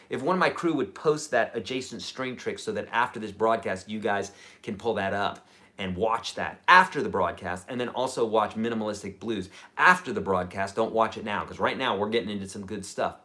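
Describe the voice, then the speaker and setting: A man teaching a live-streamed guitar lesson, chatty and energetic, with lively jumps in pitch and loudness. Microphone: camera mic.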